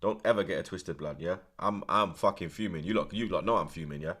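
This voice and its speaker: A man's voice: sits low, a little fast. Slangy man reacting to football. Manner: slangy, swearing, bursts into shouting at goals. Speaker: football watchalong host. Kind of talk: live match reaction commentary.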